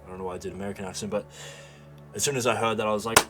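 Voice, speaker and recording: Brief: young male vlogger, low voice, loose profane storytelling, music bed clearly audible. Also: steady tone, rapid-fire. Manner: rambling, profane, mock stammering. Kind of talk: casual storytelling monologue. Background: background music.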